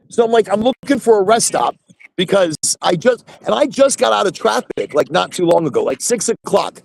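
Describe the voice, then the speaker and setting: A high-pitched man with a gravelly edge hosts a casual live chat, talking from his phone while sitting in his truck. He rambles and repeats himself. The sound is dry and close. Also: animated, fairly quick, dry recording. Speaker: host.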